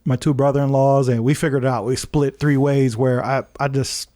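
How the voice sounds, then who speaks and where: A man on a podcast telling a personal story in a casual, animated way, laughing often and acting out what people said. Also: mid-range voice, brisk. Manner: many fillers and restarts.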